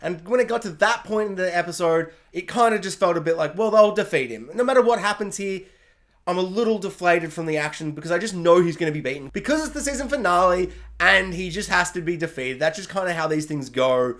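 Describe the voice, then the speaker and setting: Brief: male TV reviewer, higher voice, chatty and excitable, casual rambling delivery. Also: a little fast. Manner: chatty and excitable, heavy use of "like". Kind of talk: casual spoken TV episode review.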